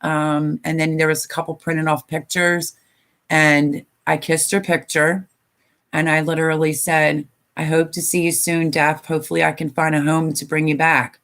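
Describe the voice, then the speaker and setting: A woman's voice: low voice, level tone, moderate pace, fairly bright tone. An older woman chatting casually on a live stream, tired and emotional, rambling with many fillers. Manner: emotional, rambling, tearful at times.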